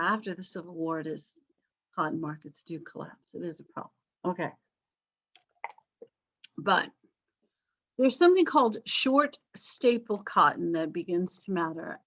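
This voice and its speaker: A woman's voice: medium pitch, lively intonation, measured pace, pauses often, fairly bright tone, highs cut off. Chatty middle-aged woman teaching history. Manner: chatty, informal, with asides and fillers. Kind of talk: online class lecture. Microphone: video call.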